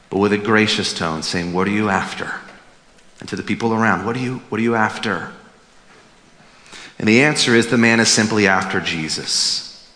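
A man preaching a sermon as pastor, emphatic and animated, acting out quotes as he goes. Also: medium pitch. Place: church sanctuary. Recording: echoey hall reverb.

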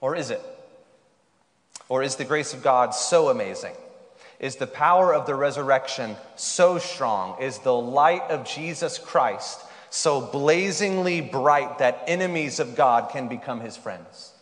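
A man's voice: medium pitch, animated, unhurried, fairly bright tone. A male pastor preaching a sermon, telling a joke and then posing rhetorical questions. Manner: playful storyteller turning to rhetorical questions. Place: church sanctuary. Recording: hall reverb.

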